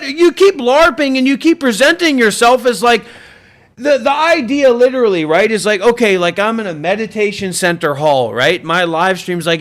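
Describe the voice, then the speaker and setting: A man's voice: high-pitched, a bit bright. A man hosting a livestream, ranting in an intense, profane and combative way. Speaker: livestream host, former monk. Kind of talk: livestream rant.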